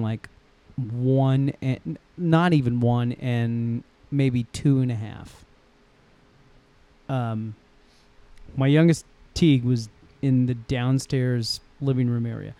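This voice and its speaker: A middle-aged man telling an animated family anecdote on a casual podcast. His voice is mellow and warm. The recording is dry, with no room echo. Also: mid-range voice, slow pace. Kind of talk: casual storytelling.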